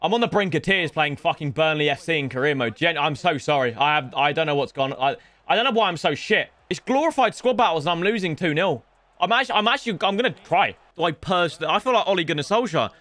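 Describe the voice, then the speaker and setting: Lively, bright-voiced gaming lad. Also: male voice, on the high side, quick pace, no echo. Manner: sweary, excitable banter addressed to viewers. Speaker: gaming streamer. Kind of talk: live gameplay commentary.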